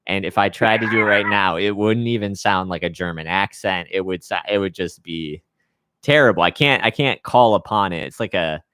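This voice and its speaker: A man's voice: sits low, normal speed, a bit bright, clean tone, no echo. Rambling, laughing man with dry sound. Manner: rambling, self-deprecating, laughs often; filler-heavy, many "like"s and restarts. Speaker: podcast host. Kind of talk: casual chat between friends.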